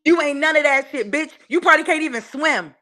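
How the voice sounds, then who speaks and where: A fiery woman with a D.C. tears into someone on her live stream. Her voice sits a bit high and flies higher when she yells. The talk is profane and cutting, with sudden shouts. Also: a little fast. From Washington, D.C. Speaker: channel host ranting on a live stream. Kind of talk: heated live-stream rant.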